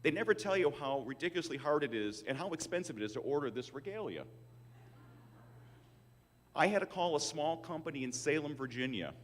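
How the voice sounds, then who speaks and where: An older man in his sixties giving a commencement address with wry, self-deprecating storytelling. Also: a little high. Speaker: commencement speaker. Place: large auditorium. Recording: hall reverb from a PA.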